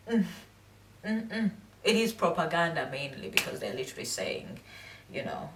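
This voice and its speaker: A young woman vlogging casual commentary, lively and laughing, breaking into high mimicking voices. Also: recorded from a distance, slight background noise. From England. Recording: echoey room, voice off-mic.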